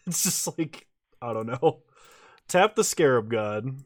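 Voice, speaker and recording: A man's voice: mid-range voice, takes it slowly, pauses often, dry recording, clean studio sound. Chatty, slightly tipsy man streaming. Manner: laughs often, relaxed and chatty. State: a little tipsy after several beers. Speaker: streamer playing a card game. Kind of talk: casual live-stream commentary.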